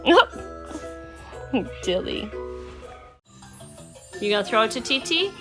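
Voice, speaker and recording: Lady vlogging at home, high bright voice, slow sing-song baby talk to a toddler. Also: very animated, soft background music. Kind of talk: casual home vlog. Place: home indoors.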